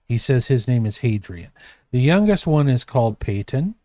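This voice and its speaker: A man's voice: medium pitch, very animated, normal speed, warm tone, dry recording. A man running a tabletop game as game master, narrating in a meandering, self-correcting way.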